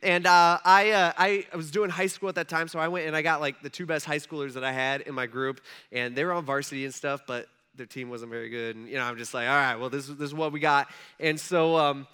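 A young man preaching a casual sermon, telling stories in a chatty, animated way with lots of fillers. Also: a little high, a little fast, few pauses, clear, resonant tone. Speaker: pastor.

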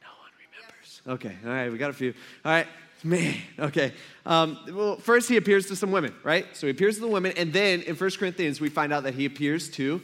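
A man preaching a conversational sermon, casual and animated, acting out Bible scenes with asides to the congregation. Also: fairly high pitch, fast. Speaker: pastor.

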